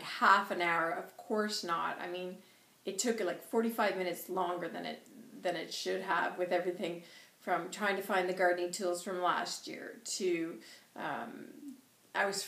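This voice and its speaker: A woman hosts a casual channelled reading, rambling through her week in a chatty way and breaking into laughs often. Her voice sits in a mid register for a woman. The sound is roomy and echoey, picked up from some distance away from the mic. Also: medium pitch. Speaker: channeller and host. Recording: roomy echo from far off the mic.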